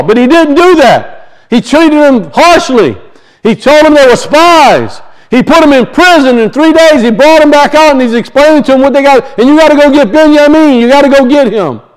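A man's voice: extremely high pitch, low-quality recording. A man preaching a sermon, emphatic and repetitive, firing off rhetorical questions to his congregation.

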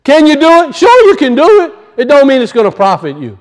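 A male pastor preaching a conversational sermon, acting out little voices and dropping low for asides. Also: huge pitch swings, fairly quick.

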